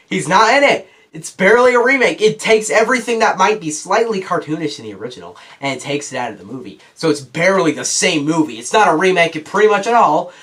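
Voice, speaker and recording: A young man with a somewhat high voice gives a casual review. He rambles bluntly and sounds frustrated, with restarts along the way. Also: a bit bright. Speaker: movie reviewer.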